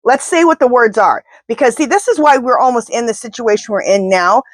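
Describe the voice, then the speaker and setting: A woman's voice: on the high side, expressive, a little fast, no room sound. A woman doing a casual tarot reading to camera, talking to her spirit guides and speaking bluntly and indignantly. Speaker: tarot reader.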